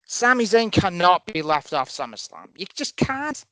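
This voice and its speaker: Opinionated guy on a wrestling podcast, really animated, crisp voice, dead dry mic. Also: sits high, moderate pace, no echo. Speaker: podcast co-host. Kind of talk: casual wrestling chat.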